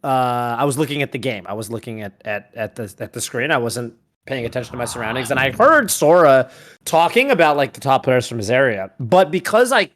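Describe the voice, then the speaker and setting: A man's voice: medium pitch, lively intonation, brisk, fairly bright tone. A man co-hosting a podcast, telling rambling, self-mocking stories in casual chat. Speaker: podcast co-host.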